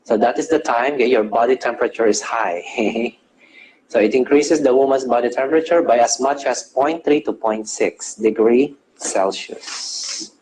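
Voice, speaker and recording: Man, nursing lecturer, classroom lecture, frequent "okay?" check-ins, quizzes then answers himself, mid-pitched voice, faint background hiss. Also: normal speed, darkish tone, low-quality recording. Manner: checks in with "okay?" after nearly every phrase; quizzes students and answers his own questions.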